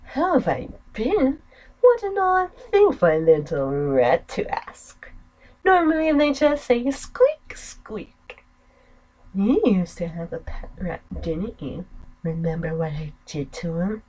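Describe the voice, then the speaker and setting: A woman's voice: medium pitch, big pitch swings, slow pace, a little mellow, voice pushed down. A woman putting on a cruel, taunting girl. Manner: mocking, sinks to a whisper.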